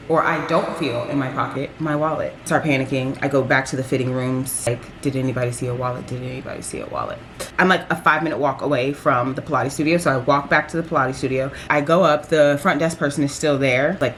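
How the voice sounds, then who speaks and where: A young woman vlogging, telling a story in a chatty, animated way with lots of fillers. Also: low voice, slight background noise. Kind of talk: casual storytelling vlog.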